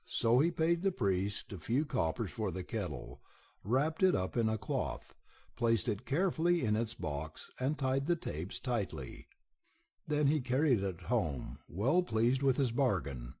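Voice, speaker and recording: A man narrating a children's folk tale with expressive storytelling. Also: on the low side, a little slow, husky. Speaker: audiobook reader.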